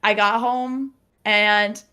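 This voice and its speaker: A woman telling a personal story in casual podcast chat, animated, laughing often and acting out what people said. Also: mid-range voice, very slow, clear, resonant tone.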